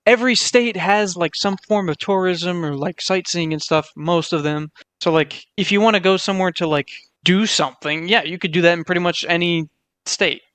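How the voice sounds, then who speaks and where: A man's voice: high-pitched, normal speed, a bit bright, no room sound. A young man in casual chat, reading out facts and swearing casually. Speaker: podcast co-host.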